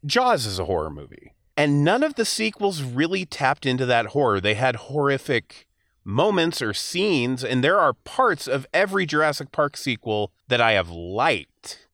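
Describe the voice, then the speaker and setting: Lively-voiced podcast host reviewing movies. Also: male voice, medium pitch, normal speed, no echo, clean studio sound. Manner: opinionated, frank, with fillers. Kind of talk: casual movie review chat.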